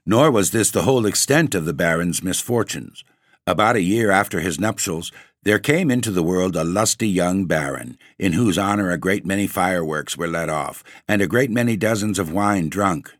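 A man narrating a classic story for a podcast, in a measured, wry storytelling manner. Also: deep voice, dry recording, clean studio sound. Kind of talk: scripted ghost-story reading.

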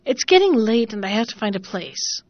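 A woman's voice: fairly high pitch, sing-song, moderate pace, dry recording, muffled recording. A woman voicing a rude, impatient young girl in a storybook reading, with a snappish, dismissive manner. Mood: rude, hurried. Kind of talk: storybook narration.

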